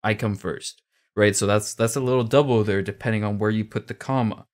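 A man's voice: lowish voice, fairly even intonation, a little fast. A man giving casual reaction commentary on a rap song, chatting and breaking down the rhymes and wordplay. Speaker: music reaction streamer.

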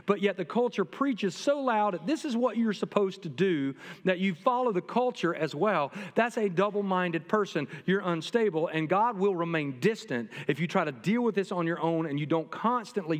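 High-voiced middle-aged man preaching a sermon. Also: moderate pace, few pauses. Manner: lively, humorous, talks straight to the congregation. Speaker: pastor. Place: church sanctuary. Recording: long reverb from a church hall.

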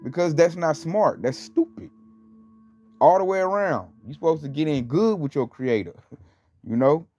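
A man's voice: on the high side, lively intonation, normal speed, darkish tone, no echo. A man giving an informal religious talk in a rambling, conversational way, full of fillers and scornful emphasis. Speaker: religious teacher. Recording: dull lo-fi recording with faint music.

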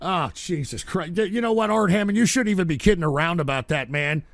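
A man's voice: high voice, expressive, fast, no echo. A man hosting a livestream and reading viewer messages, ranting angrily and swearing as he answers them. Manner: angry, swearing, exasperated. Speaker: livestream host reading super chats. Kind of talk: profane ranting livestream talk.

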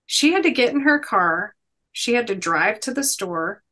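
A woman's voice: medium pitch, expressive, measured pace, fairly bright tone. A woman in her thirties, a podcast guest, telling stories in an earnest, emphatic, motivational way. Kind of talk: conversational storytelling.

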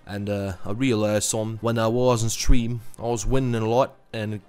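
A man's voice: lowish voice, little pitch movement, normal speed, darkish tone, clear, resonant tone. A young man giving a casual, offhand intro to his gaming video. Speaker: gaming YouTuber.

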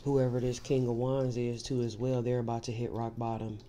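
Warm and bass-toned, with little pitch movement and normal speed, a female tarot reader delivers a spiritual reading over a slight hiss or hum. Her direct, reassuring address to the listener is emphatic, with "see" recurring to drive each point home.

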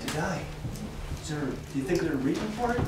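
High-voiced man teaching a children's class. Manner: slow, animated storytelling, questions to the children. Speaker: children's Sunday school teacher. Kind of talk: Bible story lesson for children. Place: church classroom. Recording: echoey room, distant mic, faint noise.

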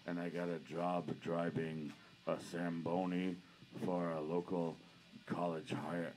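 A low-voiced, unstable support group member, played by a man in a comedy sketch. He talks hesitantly and repeats himself. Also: flat delivery, takes it slowly, darkish tone, faint music behind, low-quality recording. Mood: earnest. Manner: hesitant, then repetitive. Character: unstable man with violent urges.

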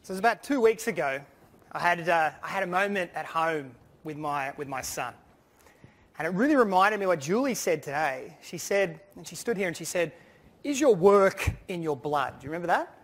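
A man's voice: on the high side, animated, brisk, fairly bright tone. A man giving a sponsor's address at a conference, telling stories about his children on stage. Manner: storytelling, quotes his children. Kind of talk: anecdotal conference speech.

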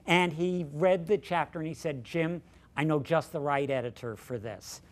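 A man's voice: on the high side, normal speed. An older male professor telling a chatty, self-deprecating story during a colloquium talk. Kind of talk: anecdotal lecture.

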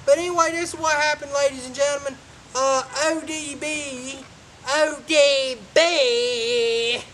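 A high-pitched man hosts a loose home-made wrestling recap. He rambles from point to point, cracks jokes and talks over his partner. Faint noise sits under his voice. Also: steady tone, a little slow, rough recording. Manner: rambling, keeps saying anyway and ladies and gentlemen. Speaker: host of a wrestling review show. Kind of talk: casual show recap.

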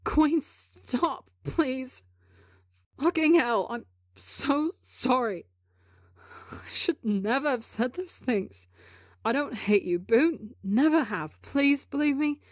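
A man's voice: animated, slow pace, no room sound, studio quality, exaggerated voice. Woman doing a frantic, sobbing young man. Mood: pleading. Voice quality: high, strained and tearful. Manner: pleading, sobbing desperation.

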